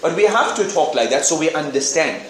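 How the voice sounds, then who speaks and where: A man teaching an Arabic class in English, brisk and joking, sprinkling Arabic words as he corrects students. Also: a little high, expressive, reverberant, a little hiss or hum, poor audio. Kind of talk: classroom lesson, explaining and correcting.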